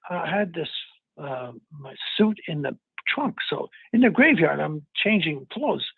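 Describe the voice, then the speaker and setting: An older man, an actor being interviewed, telling anecdotes in an animated way and acting out the lines of people he quotes, with a husky, gravelly voice. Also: fairly high pitch, a little slow, dry recording. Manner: animated, acts out quotes in retelling. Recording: dry, tinny phone-like sound.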